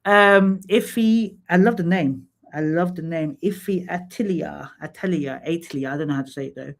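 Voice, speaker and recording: A man hosts a casual live stream, talking straight to his viewers and giving frank feedback. His voice sits a touch higher than most men's. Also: steady tone, moderate pace. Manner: chatty, candid, talks to viewers by name; drops into sung snatches and playful asides. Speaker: live stream host reviewing profiles.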